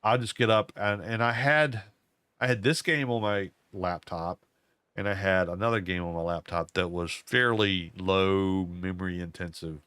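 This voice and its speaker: A man's voice: deep voice, fairly even intonation, normal speed, fairly bright tone, clean tone, no room sound. An older man, rambling folksy storytelling while he plays a game at home. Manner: rambling, repeats himself, folksy. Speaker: gaming channel host. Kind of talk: casual storytelling over gameplay.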